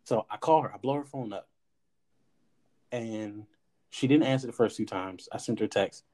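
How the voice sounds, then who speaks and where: Guy on a podcast telling a story, animated, acts out the dialogue, cusses some. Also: on the low side, moderate pace. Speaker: podcast host. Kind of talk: casual storytelling chat.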